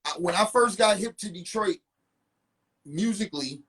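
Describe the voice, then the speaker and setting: A man with a somewhat raspy voice and a pitch a little above most men, talking hip-hop as a podcast guest. He talks with emphatic energy, circling back over his words as he builds a point. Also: normal speed. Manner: animated, emphatic, repeats himself. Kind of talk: casual hip-hop talk.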